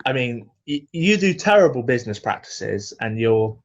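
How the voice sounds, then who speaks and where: A man co-hosting a comedy podcast from home over a video call, grumbling and mock-ranting with a dry edge. His voice swings widely in pitch, and the audio is dull and lo-fi, as on a video call. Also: big pitch swings, normal speed. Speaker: podcast co-host. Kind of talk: casual comedic chat. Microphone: video call microphone.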